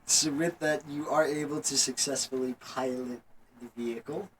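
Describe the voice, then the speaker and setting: A man's voice: medium pitch, fairly even intonation, moderate pace, fairly bright tone, a little hiss or hum, poor audio. Playful man running a tabletop game. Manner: playful, joking asides. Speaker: game master.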